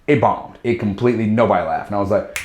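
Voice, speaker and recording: A man, a stand-up comedian, telling a story in casual chat, animated and acting out what people said. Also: on the low side, fast talker, reverberant, slight background noise. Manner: animated, acts out quotes in shifting voices.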